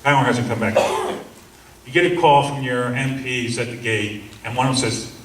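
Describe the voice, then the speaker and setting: Recorded from a distance in a roomy seminar room with faint hum, a middle-aged seminar speaker tells a story earnestly, performing the officers he quotes. He speaks at normal speed in a steady, medium-pitched voice.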